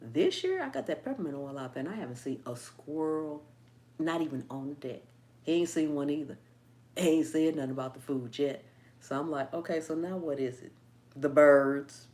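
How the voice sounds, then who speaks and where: A woman's voice: low-pitched, lively intonation, normal speed, a little mellow. A woman hosting a gardening channel, chatting casually and reading viewer comments, playful and laughing often.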